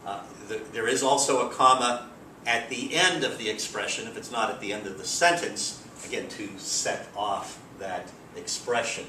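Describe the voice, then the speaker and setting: A man teaching a grammar lesson in a relaxed, explanatory way with frequent fillers, recorded from a distance. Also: medium pitch, normal speed. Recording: roomy, distant mic, faint background hiss.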